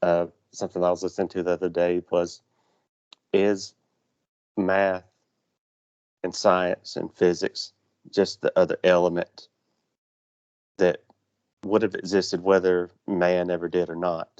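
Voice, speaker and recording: Chill low-voiced dude on a podcast, easygoing, muffled lo-fi sound. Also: male voice, little pitch movement, unhurried, pauses often, darkish tone. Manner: laid-back, agreeable, reflective. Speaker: podcast co-host. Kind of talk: casual podcast chat. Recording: slightly dull lo-fi audio.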